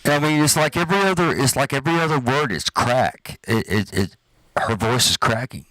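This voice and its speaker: A man's voice: medium pitch, moderate pace, a bit bright, no echo, low-quality recording. A man co-hosting a podcast in casual chat, teasing his friends and often repeating himself. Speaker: podcast co-host.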